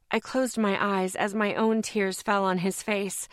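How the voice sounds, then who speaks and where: A woman narrates a paranormal audiobook in the first person, reading in a measured, intense and emotional way. Her mid-range voice is slightly bright, captured dry on a close studio microphone.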